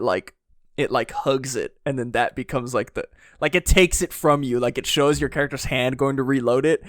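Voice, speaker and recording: A man's voice: medium pitch, no room sound, clean studio sound. A young man co-hosting a podcast in casual chat, telling stories with lots of "like" and bursts of disbelief. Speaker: podcast co-host. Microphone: podcast microphone.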